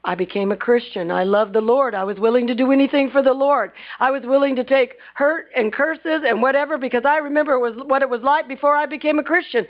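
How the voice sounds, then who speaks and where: A woman's voice: high voice, a little fast, hardly any pauses. Preaching woman with dramatic swings. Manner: retells Bible scenes, acting out the lines; swings between loud bursts and hushed asides. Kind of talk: sermon. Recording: dull lo-fi recording.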